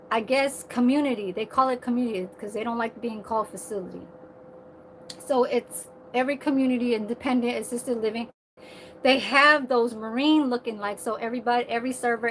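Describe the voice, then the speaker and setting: A woman's voice: on the high side, slight background noise, low-quality recording. A woman vlogging in a casual, rambling monologue, swearing freely and laughing at her own asides about working as a server. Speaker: server at a senior living community.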